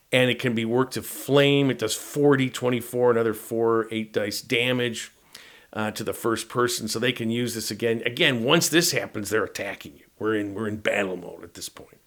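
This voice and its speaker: A man's voice: mid-range voice, fairly bright tone. A middle-aged man and tabletop game master, explaining a game module in a casual, rambling walkthrough that he often punctuates with "right?". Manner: rambling, conversational, with frequent "right?" tags.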